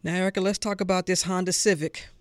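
A man hosts the interview with a smooth, clear voice. His questions are playful and teasing, and the recording is dry and close. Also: high-pitched, level tone, quick pace, dry recording. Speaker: radio show host. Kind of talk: interview hosting.

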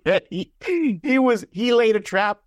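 A man chatting casually and animatedly, with a voice that rises and falls a lot. He acts out what others said with big leaps in pitch. The sound is dry and close. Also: animated, a little slow, dry recording. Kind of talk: casual political chat.

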